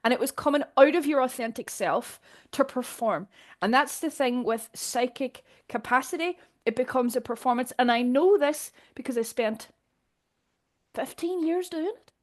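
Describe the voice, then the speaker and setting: Northern Irish woman, guest, direct and animated, fairly high voice. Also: moderate pace. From Northern Ireland. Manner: direct, animated, laughs often while telling stories. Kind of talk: casual conversation.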